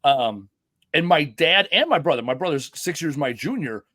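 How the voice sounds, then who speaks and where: A man's voice: fairly high pitch, animated, moderate pace, sharp tone, no room sound. A middle-aged man hosting a podcast, telling rambling, profane stories in casual chat. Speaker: podcast host.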